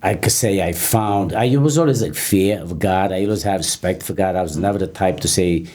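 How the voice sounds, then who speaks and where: Male guest, very deep voice, casual interview storytelling, halting delivery with repeated words. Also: a little mellow. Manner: halting, repeats words, breaks off mid-sentence. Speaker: interview guest, personal trainer.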